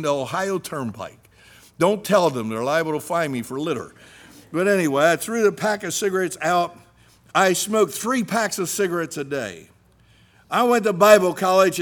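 A middle-aged man preaching a sermon, animated, swinging between loud emphasis and hushed asides. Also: high voice.

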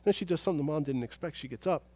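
A man preaching a sermon as pastor, telling stories and moving from soft, hushed moments to loud, emphatic praise. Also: on the high side, rapid-fire, husky.

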